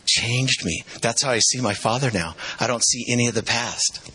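A man's voice: medium pitch, moderate pace, bright, forceful tone, a little hiss or hum, poor audio. A middle-aged man preaching a sermon, telling personal stories with emotional, repetitive emphasis. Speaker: pastor.

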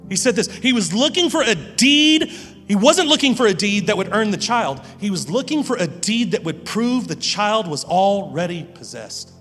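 A man's voice: high voice, big pitch swings, moderate pace, fairly bright tone. A man preaching a sermon as pastor, earnest, often repeating words as he presses a point. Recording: long hall reverb with music behind.

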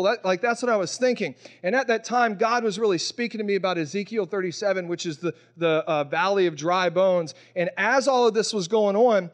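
Guy pastor, fairly high voice, chatty and emotional, telling his own story from the pulpit. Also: a little fast, hardly any pauses. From Mississippi. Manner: casual, storytelling, emotional, acts out quoted voices. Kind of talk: sermon with personal testimony.

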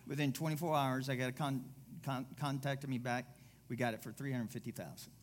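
A man's voice: mid-range voice, steady tone, brisk, a little hiss or hum. A middle-aged man pastor preaching a sermon with a personal story, rambling and digressive, repeating himself for emphasis.

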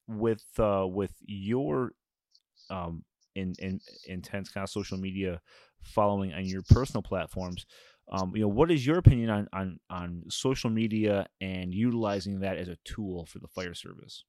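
A man hosting a casual interview, asking long halting questions with repeated words. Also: deep voice, darkish tone, dry recording, clean studio sound.

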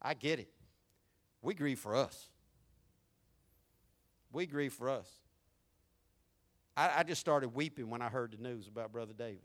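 A man preaching a sermon as pastor, swinging between loud, raised lines and hushed, low ones, folksy and conversational with the congregation. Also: a little slow, pauses often. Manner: preaching with sweeping shifts between shouted and hushed delivery.

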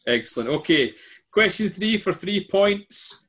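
A Scottish man runs a relaxed online quiz. He talks in a chatty, self-mocking way and laughs often as he keeps score. His voice sits at an everyday middle pitch. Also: normal speed. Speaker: quiz host. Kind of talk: casual quiz hosting.

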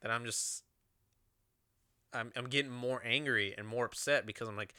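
A man's voice: mid-range voice, fairly even intonation, moderate pace, pushed and bright, dry recording, studio quality. A man telling a personal story in a rambling, casual way, with lots of swearing and fillers.

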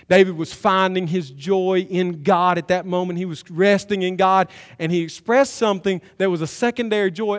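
A man preaching a sermon as pastor, emphatic and building to loud climaxes. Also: high-pitched, moderate pace, hardly any pauses, long reverb tail. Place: church sanctuary.

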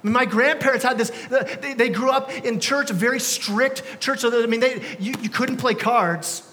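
Bright and forceful, a very high-pitched male voice preaches at normal speed from a church sanctuary. The young pastor keeps it conversational, slipping into casual slang and restarting his sentences often, and the hall's reverb rings long.

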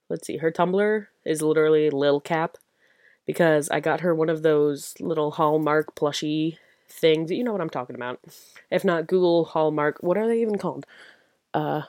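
A woman's voice: low-pitched, a little mellow, no room sound, studio quality. A young woman hosting her own podcast, chatting casually and rambling with giggles and enthusiasm, tired late at night. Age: young adult. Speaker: podcast host. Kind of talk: casual solo fan chat.

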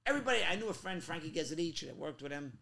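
A man tells stories in a casual chat. His voice sits high, with a gravelly rasp and a bright, tense edge. He talks in an animated, profane way and breaks into loud bursts when he acts out quotes. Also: rapid-fire. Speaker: podcast guest, comic actor.

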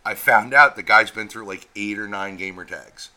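A man's voice: lowish voice, moderate pace, sharp tone. A man co-hosting a podcast in casual chat, swearing freely and laughing along. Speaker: podcast co-host.

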